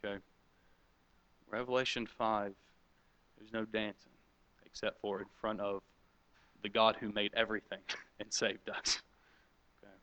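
A man's voice: lowish voice, flat delivery, measured pace, pauses often, bright, forceful tone, dry recording, poor audio. A middle-aged man preaching, teaching conversationally and asking the room questions and responding to their answers. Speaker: pastor teaching a class. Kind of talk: interactive sermon with audience questions.

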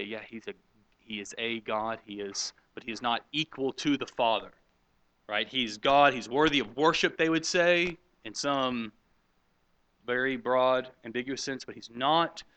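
A man's voice: medium pitch, sharp tone, no echo, rough recording. A middle-aged man preaching, teaching conversationally and asking the room questions and responding to their answers. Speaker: pastor teaching a class. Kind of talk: interactive sermon with audience questions.

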